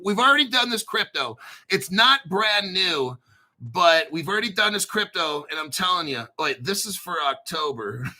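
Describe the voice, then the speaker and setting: A man's voice: a little high, sharp tone. A man hosting a crypto channel, talking casually off the cuff in a blunt, boastful way full of swearing. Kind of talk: casual unscripted livestream talk.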